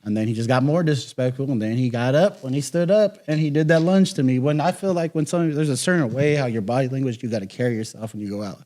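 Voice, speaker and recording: A man's voice: mid-range voice, fast talker, hardly any pauses. A man co-hosting a casual podcast, telling nightlife stories with plenty of laughter. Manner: animated storytelling with laughter. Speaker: co-host.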